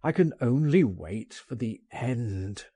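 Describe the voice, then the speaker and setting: A man reading an audiobook, voicing a frightened, despairing man on bail who pleads in a higher pitch. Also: lively intonation, slow pace, warm tone, husky, no room sound. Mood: anguished.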